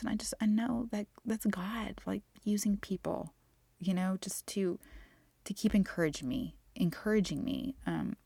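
A middle-aged woman, a Christian nutritionist, talking candidly on her podcast, often dropping to soft near-whispers. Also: fairly low pitch, vocal fry, dry recording. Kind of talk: casual faith-based podcast monologue.

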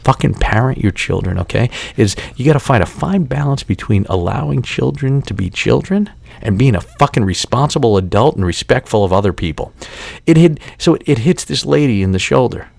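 A man's voice: medium pitch, animated, fairly quick, gravelly, darkish tone, dry recording. A man in his forties, a podcast host, telling a story in a casual, profane and exasperated way.

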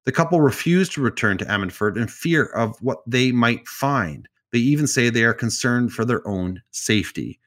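A man's voice: mid-range voice, animated, normal speed, few pauses, fairly bright tone. Chatty man retelling odd stories. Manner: summarizes stories loosely with asides and jokes. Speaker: podcast co-host telling stories. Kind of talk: casual storytelling chat.

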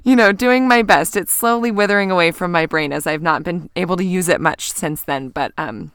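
A woman chatting casually and asking travel questions, relaxed and quick to laugh. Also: on the low side, clear, resonant tone, dry recording. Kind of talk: casual chat.

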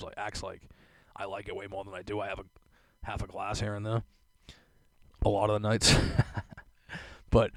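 A man's voice: fairly low pitch, dry recording. A young man hosting a podcast, telling a profane, laughing rant in casual chat, close to a dry mic. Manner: laughing, profane, animated storytelling.

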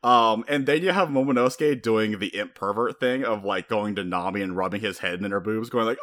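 A man co-hosting a casual podcast, talking fast and animated, laughing often and breaking into high-pitched impressions. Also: no echo, studio quality. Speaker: podcast co-host. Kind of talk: casual chat.

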